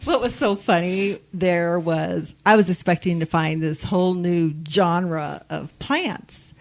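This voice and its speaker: A woman's voice: on the low side, takes it slowly. A woman co-hosting a radio garden show in the studio, chatty and amused. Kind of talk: casual radio chat.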